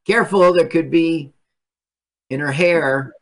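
A man's voice: fairly high pitch, a little slow. A man co-hosting a casual comedy show, joking and laughing often. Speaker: podcast co-host. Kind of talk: casual comedic chat over a video.

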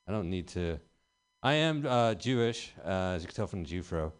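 Deep-voiced man doing rambling stand-up. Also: fast talker, clear, resonant tone. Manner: rambling deadpan delivery with bursts of loud emphasis. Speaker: stand-up comedian. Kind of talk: stand-up set at an open mic. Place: small comedy venue.

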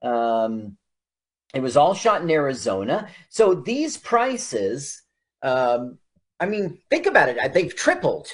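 Male radio co-host, animated delivery, rambling casual film chat, quick to laugh. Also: medium pitch. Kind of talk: casual movie commentary.

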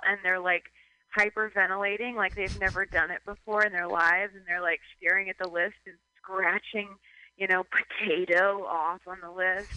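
A woman's voice: mid-range voice, bright, forceful tone, no room sound, rough recording. A woman hosting a casual radio chat, rambling with lots of "like" and acting out little scenes. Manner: rambling, heavy "like", acts out voices. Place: San Francisco.

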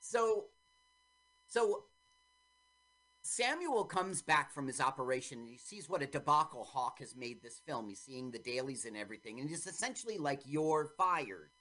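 A woman's voice: a bass voice, moderate pace, low-quality recording. A woman co-hosting a casual film podcast, telling behind-the-scenes stories and acting out the quoted lines. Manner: animated storytelling, acts out quoted lines. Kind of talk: casual chat about an old film.

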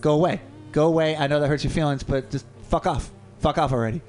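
A man's voice: on the high side, fairly even intonation, fast talker, a little mellow, faint music behind, close to an everyday voice. A man doing a curt, dismissive hermit. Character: blunt reclusive hermit man, gruff and curt.

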